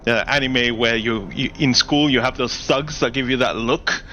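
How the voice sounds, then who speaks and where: Bright-voiced man running a tabletop game. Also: mid-range voice, steady tone, normal speed, dull audio, a little hiss or hum. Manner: rambling, hesitant description with many fillers. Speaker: game master.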